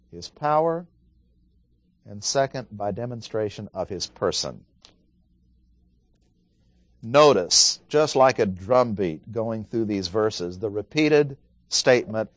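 Teaching a Bible study without any echo, a man with a mid-range voice talks informally. He puts questions to his listeners and stresses the scripture he reads aloud.

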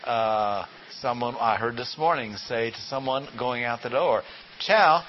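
A man leads a Bible class in a folksy lecture, quizzing listeners with rhetorical questions. His medium-pitched voice runs a little slow, and the recording is dull and lo-fi with faint hiss.

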